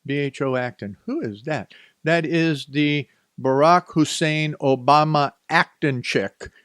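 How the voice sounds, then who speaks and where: A man's voice: on the high side, fairly bright tone, dry recording, studio quality. A man with a Northeast Ohio accent hosting a talk radio show, ranting in a sarcastic, scolding monologue.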